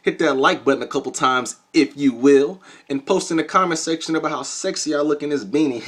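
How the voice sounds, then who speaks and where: A young man vlogging, telling a comedic story in an animated, jokey, conspiratorial way. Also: on the high side, fairly quick, few pauses. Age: young adult.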